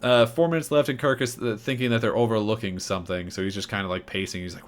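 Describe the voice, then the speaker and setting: A man's voice: fairly low pitch, steady tone, fast talker. A man co-hosting a podcast, casually recapping an episode and acting out characters' lines in mocking voices. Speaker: podcast co-host.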